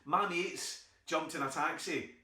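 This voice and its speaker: Scottish stand-up comic, middle-aged male, bright and a bit high, mimics his characters; heard from afar in a reverberant hall. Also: unhurried. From Scotland. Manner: storytelling, acting out others' voices. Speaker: stand-up comedian. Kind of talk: stand-up routine. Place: theatre stage. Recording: echoey theatre from far off.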